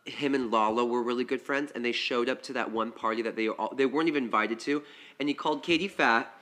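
Low-voiced woman, blunt sarcastic gossip. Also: fast, a bit bright. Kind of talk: casual gossip chat about a reality show.

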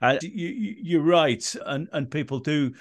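A man hosting an interview podcast, asking questions in a measured, agreeable way. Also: on the high side. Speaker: podcast host. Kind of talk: conversational interview.

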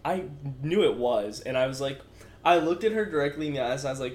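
A man's voice: medium pitch, animated, fairly quick, reverberant. A young man co-hosting a podcast, telling stories in a laid-back, swearing way and laughing often. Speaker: podcast co-host. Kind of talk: casual chat.

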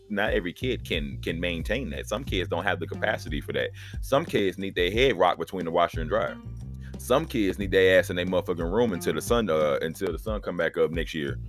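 A man hosting his own podcast, talking in a rambling, profane, animated solo monologue. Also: on the low side. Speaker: podcast host.

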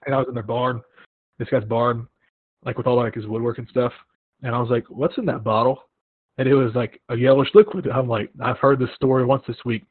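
A young man with a slightly husky voice hosts a casual chat, telling stories with acted-out quotes. The sound is thin and phone-like, close and dry. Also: medium pitch, a little fast, dry recording. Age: young adult. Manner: animated storytelling with acted-out quotes. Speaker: podcast host. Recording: tinny phone-like line, dry.

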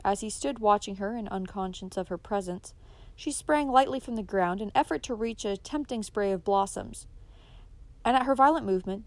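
A woman's voice: mid-range voice, no echo. Woman narrating a classic novel. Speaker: audiobook narrator. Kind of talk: scripted narration.

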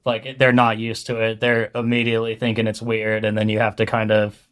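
A man's voice: fairly low pitch, completely flat delivery, a little fast. A young man from Colorado, a food truck owner, chatting loosely in an interview with lots of fillers. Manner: loose, rambling, heavy on fillers. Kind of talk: casual interview chat.

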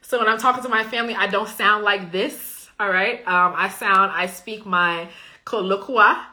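Bright-voiced woman chatting with viewers. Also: medium pitch, moderate pace. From Liberia. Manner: chatty, emphatic, often says "okay?". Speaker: coach and live-stream host. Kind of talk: casual live chat answering viewer comments.

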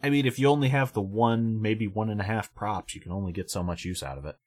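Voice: medium pitch, fast, a little mellow. A podcast co-host chatting casually about a film and cracking wry, playful jokes. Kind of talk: casual movie recap chat.

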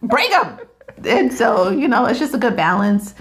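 Woman, thirties, casual chat, lively storyteller, mid-pitched, voices jump high when quoting. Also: moderate pace. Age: 30s. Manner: animated storyteller, acts out quotes with big pitch jumps and laughs.

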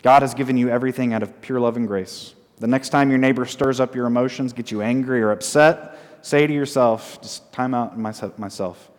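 Pastor preaching in a reverberant hall. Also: male voice, mid-range voice, steady tone, darkish tone. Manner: asks the congregation frequent call-and-response questions; repeats short phrases slowly for emphasis. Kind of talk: sermon.

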